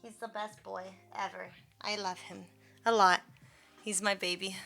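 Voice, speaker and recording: Bright woman streamer cooing at her dog. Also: little pitch movement, unhurried, creaky, faint music behind. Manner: high sing-song baby talk to her dog. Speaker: livestreamer. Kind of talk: casual livestream chat.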